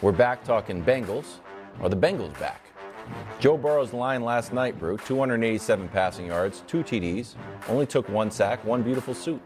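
A man's voice: medium pitch, expressive, normal speed. Guy hosting a sports show, joking around and laughing a lot, music going underneath. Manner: playful, laughs often, leads segments. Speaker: show host.

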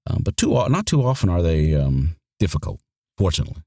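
A man's voice: low voice, huge pitch swings, quick pace, warm tone, no room sound, studio quality. A man who narrates audiobooks, talking casually in an interview, rambling and restarting his sentences often. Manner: rambling, with many restarts and repeated words.

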